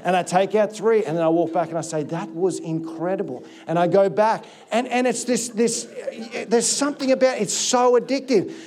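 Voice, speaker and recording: A man's voice: high-pitched, fairly even intonation, brisk, hardly any pauses, a crowd in the background. A middle-aged man, a guest pastor giving a sermon, telling confessional stories with many restarts.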